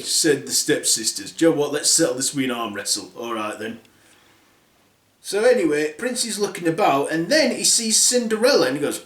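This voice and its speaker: A man's voice: a little high, lively intonation, a little fast, a bit bright. A man retelling a fairy tale for laughs, rambling and offhand, in an echoey room. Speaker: storyteller.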